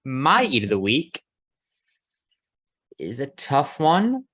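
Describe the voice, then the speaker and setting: A man hosting a casual podcast, talking in a relaxed, easygoing way and swearing casually. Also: medium pitch, takes it slowly, slightly rough. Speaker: podcast host. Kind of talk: casual chat.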